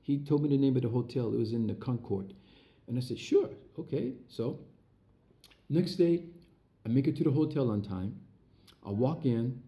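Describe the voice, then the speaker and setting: A man telling a personal story in casual talk, acting out the voices of others as he goes and filling pauses with lots of uhs. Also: mid-range voice. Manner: animated storyteller, acts out quoted voices; frequent fillers and restarts. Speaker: entertainer recounting his past. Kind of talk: casual spoken anecdote.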